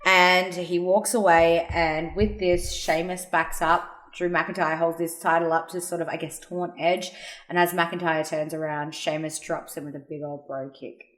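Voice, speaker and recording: A woman co-hosting a casual podcast over a call, retelling events with animated quoted voices and frequent laughs. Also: fairly low pitch, moderate pace, reverberant. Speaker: podcast co-host. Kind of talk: casual chat recapping wrestling. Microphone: remote call mic.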